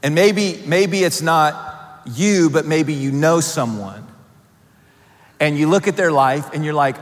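A pastor with a fairly high male voice preaches slowly in a church hall, reading scripture aloud and then hammering his points home with mounting emphasis. Between passages he drops in lighthearted jokes. A long reverb from the hall trails after his words.

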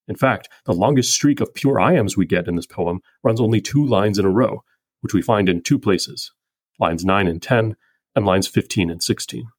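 A man hosting a podcast who reads a scripted poetry analysis in a measured, methodical way. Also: on the low side, slightly rough, no echo, studio quality. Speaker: podcast host.

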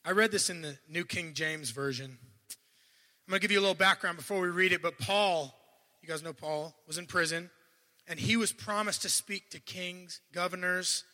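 Brief: male preacher, very bright and sharp tone, animated delivery with loud bursts and hushed asides, stumbles and restarts. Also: high-pitched, normal speed, big-room sound. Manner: admits to stuttering and restarting. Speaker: guest preacher. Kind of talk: sermon.

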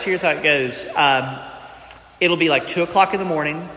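A man in his thirties preaching a sermon to his congregation, talking in a conversational way that builds to animated emphasis. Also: mid-range voice, slight background noise. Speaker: pastor. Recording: echoey hall with long reverb.

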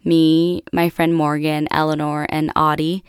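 A woman's voice: low-pitched, flat delivery, unhurried, clear, resonant tone, no echo. A young American woman hosting a podcast, chatty and laughing often as she tells a travel story to her listeners. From United States. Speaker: podcast host. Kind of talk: casual solo storytelling.

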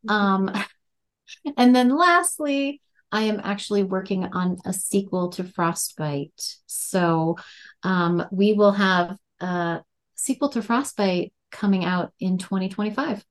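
A woman's voice: mid-range voice, slow pace. A woman author as a podcast guest, talking in a casual, upbeat way and laughing often. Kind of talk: casual interview chat.

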